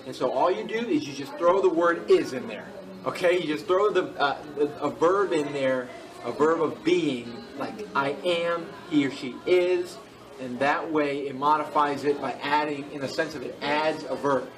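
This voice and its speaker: A man's voice: a little high, normal speed, distant mic, poor audio. A man teaching Greek grammar to a class, patient and repeating key points as he checks in with students.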